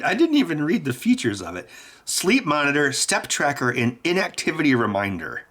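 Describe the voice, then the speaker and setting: A man hosting a casual vlog, animated and jokey with frequent laughter. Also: on the high side, moderate pace. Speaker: tech YouTuber.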